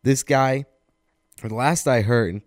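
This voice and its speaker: A man's voice: medium pitch, takes it slowly, dry recording, clean studio sound. Somber young man hosting sports radio. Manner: earnest and somber, steady delivery. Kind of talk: college radio sports talk.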